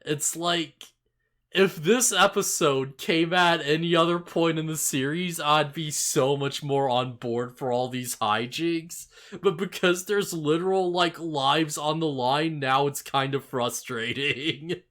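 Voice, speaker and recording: A man co-hosting a casual anime recap podcast, chatty, full of "like" and quick laughs. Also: fairly high pitch. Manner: laughs often, filler-heavy, animated retelling. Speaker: podcast co-host.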